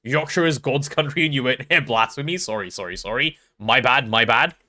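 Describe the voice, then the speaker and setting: A young English man casually chatting on a gameplay livestream, reading chat aloud and joking, quick to apologize. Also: medium pitch, bright, forceful tone. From England.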